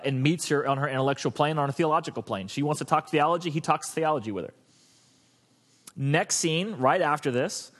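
A middle-aged man preaching a sermon as pastor, telling stories in an animated way and acting out the quoted lines. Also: fairly high pitch.

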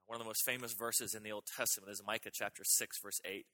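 A man's voice: lowish voice, fairly even intonation, fast, sharp tone. A middle-aged male pastor preaching a sermon, emphatic and repetitive, pressing his main points again and again. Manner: emphatic, repetitive preaching with rising intensity on key phrases.

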